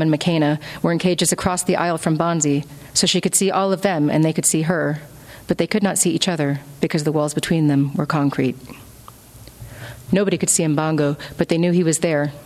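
Low-voiced woman reading her novel aloud. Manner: measured narration, relaxed with fillers in answers. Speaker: author. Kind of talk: reading from a novel, then audience questions. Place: live event with an audience.

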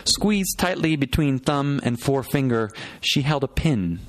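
A man's voice: medium pitch, animated. Man reading a reflective first-person novel. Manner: measured, reflective, phrase-by-phrase pacing. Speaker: audiobook narrator. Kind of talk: first-person literary narration.

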